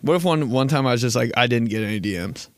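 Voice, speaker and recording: A man's voice: mid-range voice, lively intonation, fast talker, no room sound, studio quality. A young man hosting a casual comedy podcast, rambling with frequent laughs, swearing and bursts of silly put-on voices. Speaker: podcast host.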